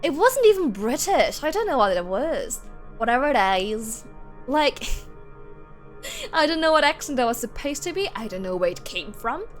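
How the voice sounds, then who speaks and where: Young woman, streamer, bubbly, rambling, slightly high voice, game music behind. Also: sing-song, moderate pace. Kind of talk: casual gameplay commentary.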